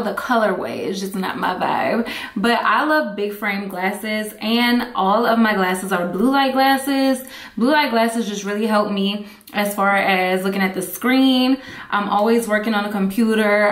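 A chatty woman talks straight to her viewers in a relaxed, upbeat way. Her voice sits at an ordinary middle pitch, and the room around her rings with a noticeable echo. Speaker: vlogger. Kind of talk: casual chat to camera. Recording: echoey room.

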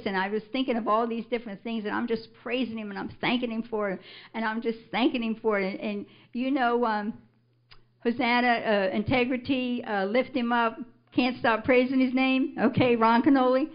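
A woman's voice: fairly high pitch, normal speed, lo-fi sound. Older woman testifying with fervor. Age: older, a grandmother. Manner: animated storyteller, bursts into loud scripture declarations. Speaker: church member giving a testimony. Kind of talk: spoken testimony to a congregation. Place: church service.

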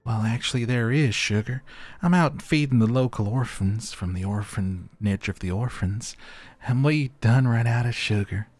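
A man's voice: mid-range voice, moderate pace, darkish tone, slight background noise, close to an everyday voice. A man voicing a pushy, sweet-talking Southern belle chef with a mock Southern US accent and a sugary drawl. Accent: exaggerated Southern US, mock.

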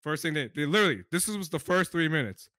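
A man with a very bright, high voice talks in a fast, lively rush of excitement. He swears freely and jumps between a high pitch and deep mock voices. The sound is dry and close. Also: no echo. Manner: animated, swearing, mimics deep voices of company speakers. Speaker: podcast co-host. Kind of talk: excited casual chat.

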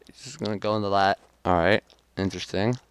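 A man's voice: lowish voice, steady tone, fast, clean tone. A young man giving live commentary on his own game match, frustrated and self-critical, with sudden outbursts. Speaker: gaming video creator.

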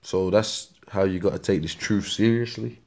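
A British man with a very low voice preaches in a loose, rambling way. He peppers his talk with slang and trips over words when he reads aloud. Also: normal speed, a little mellow. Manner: slangy, ends lines with "man" and "mate". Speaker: street preacher. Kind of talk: casual preaching monologue.

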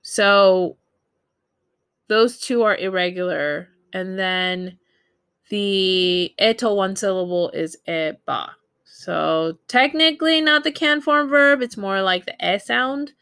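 A woman's voice: fairly low pitch, creaky, pushed and bright, smooth, no echo, clean studio sound. A woman teaching a recorded Japanese grammar lesson, explaining in a casual way with many fillers and self-corrections.

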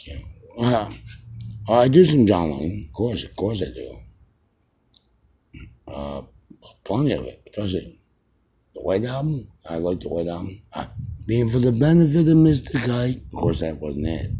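A man in his fifties rambling as a self-styled radio host, halting with many fillers and restarts. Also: deep voice, big pitch swings, dark tone, breathy edge. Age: 50s. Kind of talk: rambling mock radio broadcast.

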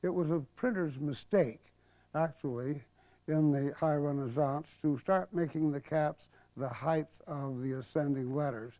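An older man, a calligraphy teacher, giving a patient televised lesson and murmuring softly while he writes. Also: on the high side, unhurried, dry recording. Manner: patient, explanatory, drops to a murmur while writing. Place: studio. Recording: dull 1970s broadcast TV audio.

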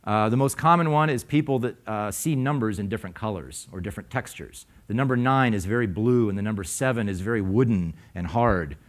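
A man speaking to a live audience at a conference, conversational and quizzing the crowd, with frequent uh fillers. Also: mid-range voice. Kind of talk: conference talk with audience questions. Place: lecture room before a live audience.

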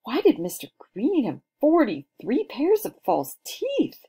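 A woman voicing an eager little schoolgirl who blurts out her thoughts excitedly. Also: high voice, slow pace, breathy edge, pitched above the performer's own voice, full character voice. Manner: excited, outspoken.

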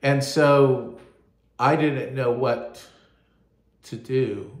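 A man, a pastor, telling a personal testimony in an earnest, halting way, often repeating words as he goes. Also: mid-range voice, steady tone, roomy sound.

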